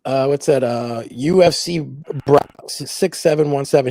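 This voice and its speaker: Mellow-voiced man reading viewer comments. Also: medium pitch, unhurried, no echo. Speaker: host. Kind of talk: casual talk show chat, reading viewer comments.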